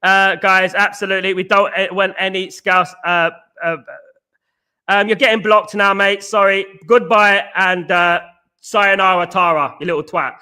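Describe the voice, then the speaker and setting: High bright-voiced chatty man. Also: fairly even intonation, normal speed. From England. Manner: chatty, repetitive shout-outs, emphatic. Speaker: channel host reading live chat. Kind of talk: casual live-stream chat.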